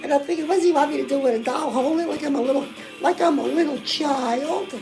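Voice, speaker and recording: A woman's voice: high-pitched, quick pace, rough recording. A woman playing a chirpy, pushy lifestyle guru who chats gushingly to the viewer in a comic character monologue. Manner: gushing, chatty, keeps addressing the viewer as girl. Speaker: host. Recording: music playing loudly under the voice. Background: music.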